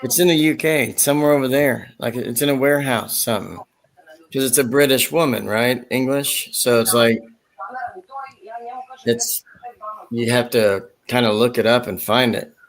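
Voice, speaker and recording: A man's voice: mid-range voice, steady tone, moderate pace, vocal fry. A man hosting a casual chat, rambling along, laughing often and slipping into voices. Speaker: host.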